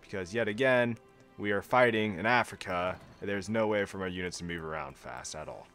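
A young man giving casual, sarcastic gameplay commentary as a video host, often laughing at himself and going deadpan when joking. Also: low voice, fairly quick, faint music behind. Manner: flat monotone when joking.

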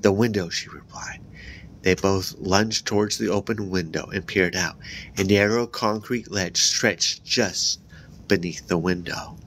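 A man reading a children's horror book aloud, raising his voice higher and louder for the characters' lines and dropping low for the narration tags. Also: measured pace, slight background noise. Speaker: book reader.

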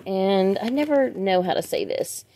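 A woman's voice: mid-range voice, expressive, a little slow, mellow, a little hiss or hum. A woman, chatting casually as she unboxes books, reading out titles and asking viewers for pronunciation help. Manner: reads titles aloud, chatty asides to viewers. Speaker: book vlogger. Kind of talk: casual book unboxing chat.

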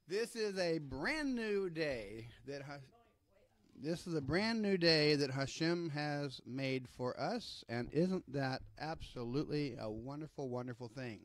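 A man's voice: fairly high pitch, no room sound. A man with a Southern US accent hosting a live online book reading, chatty and upbeat, greeting viewers by name. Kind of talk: casual live-stream talk.

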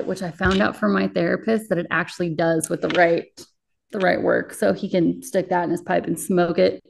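A young woman with a fairly low voice tells her story in a candid interview. She talks bluntly and emotionally, swearing freely as she describes her work as a paramedic. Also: fairly even intonation, normal speed, gravelly, a little mellow. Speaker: paramedic guest.

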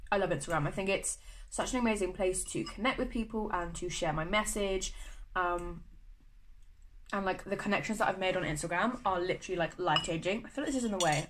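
A woman's voice: mid-range voice, background noise. A young woman from the UK chatting to camera in a vlog, gushing and full of fillers. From United Kingdom. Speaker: vlogger. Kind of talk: casual chat to camera.

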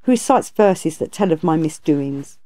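A woman voicing a cheeky, boastful male monkey king imprisoned under a mountain, talking in a quick, lively way. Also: low voice, no room sound. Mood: startled.

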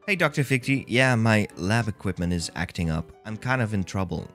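A man's voice: lowish voice, lively intonation, moderate pace, a bit bright, soft background music. A man joking casually as he plays a game. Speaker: gaming streamer. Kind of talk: casual gameplay commentary.

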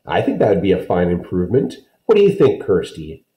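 A man voicing a patient, gentle mother in a storybook reading, speaking soothingly. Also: deep voice, huge pitch swings, brisk, reverberant, a little hiss or hum. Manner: soothing, explaining.

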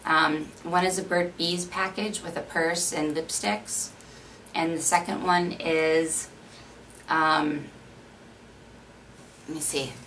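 A woman's voice: sits low, steady tone, slow pace, long pauses, fairly bright tone, recorded from a distance, slight background noise, rough recording. A woman from Minnesota with a Minnesota accent, chatting casually and rambling with lots of fillers in a home vlog. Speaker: beauty vlogger.

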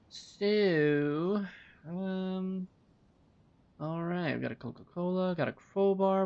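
Game streamer, male, gravelly, rambling and profane, dull lo-fi mic. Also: fairly high pitch. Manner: rambling, swearing, talks to himself. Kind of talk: casual gameplay commentary. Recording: dull lo-fi recording.

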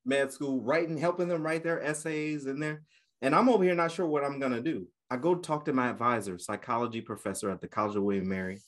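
Lively storytelling man, laughs a lot. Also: mid-range voice, fast. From United States. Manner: lively, laughs often, acts out quotes. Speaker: guest counselor educator. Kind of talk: casual podcast storytelling.

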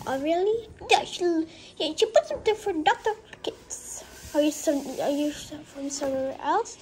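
A woman acting out a family pretend play, moving between soft whispers and excited high calls. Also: unhurried, hardly any pauses, slight background noise, rough recording.

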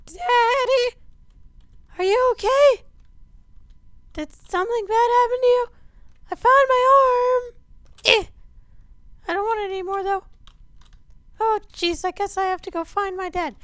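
A tiny, bright-voiced boy sidekick, upbeat and matter-of-fact. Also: extremely high pitch, fairly even intonation, unhurried, pauses often, no room sound, pitched above the performer's own voice. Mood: chirpy. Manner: chirpy, cheerfully shrugging off injuries. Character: small young boy, the player's son, cheerful. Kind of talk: gameplay commentary.

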